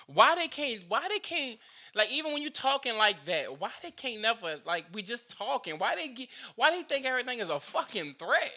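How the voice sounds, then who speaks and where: High, bright-voiced man rambling. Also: moderate pace. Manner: rambling, animated, many restarts. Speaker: podcast host. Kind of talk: casual podcast chat.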